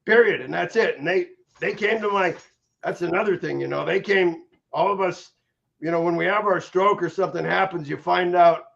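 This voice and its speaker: A middle-aged man speaks with energy and candor about surviving a stroke, his fairly high voice roughened by a gravelly fry. He often stumbles and repeats words as he gets going. The recording sounds dull and lo-fi. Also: moderate pace. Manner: energetic, repeats words when starting sentences. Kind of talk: candid interview talk. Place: in Los Angeles area. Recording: muffled lo-fi audio.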